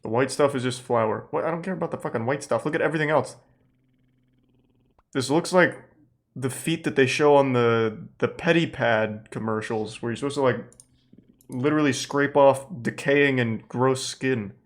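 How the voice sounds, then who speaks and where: A man's voice: mid-range voice, moderate pace. A man streaming live, reacting to a video with sarcastic, swearing, incredulous commentary and reading out thanks to subscribers. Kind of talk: casual livestream commentary.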